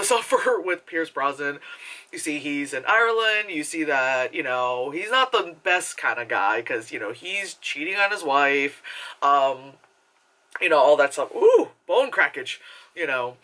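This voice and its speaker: A woman's voice: low-pitched, animated, normal speed, sharp tone. A woman giving a casual, rambling movie review, full of filler words and swearing.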